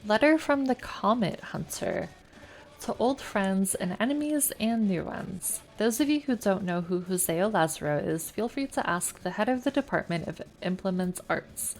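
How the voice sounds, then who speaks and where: An American woman with a medium-pitched voice streams a game, reading its text out in a calm, measured way and chatting casually between passages.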